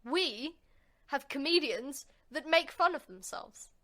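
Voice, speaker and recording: A young woman from England, chatting on a home podcast. Her voice is bright and fairly high, and she rambles with plenty of fillers. It sounds like an easygoing talk among friends. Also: animated, slow pace. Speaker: podcast co-host. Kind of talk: casual chat.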